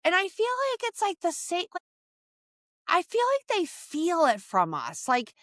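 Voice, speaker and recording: A woman's voice: very high-pitched, dry recording, clean studio sound. A woman co-hosting a dog training podcast, telling a rambling story in casual chat. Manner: lively, rambling storytelling with quick restarts. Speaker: podcast co-host.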